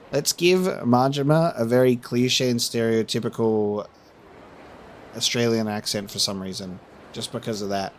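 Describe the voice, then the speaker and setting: A man's voice: medium pitch, moderate pace, slight background noise. A man chatting casually and rambling while commenting on a game he is playing. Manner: rambling, chatty, self-correcting. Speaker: let's play host.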